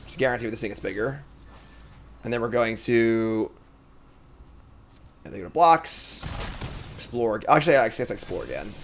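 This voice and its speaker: A man's voice: medium pitch, expressive, moderate pace, long pauses. A man streaming a card game, thinking aloud in casual commentary and trailing off with fillers.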